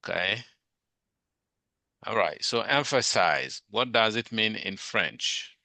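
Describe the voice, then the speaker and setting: A man's voice: on the low side, lively intonation, slow, vocal fry, pushed and bright, no room sound. A male teacher giving a classroom lecture, drilling students on vocabulary with repeated questions.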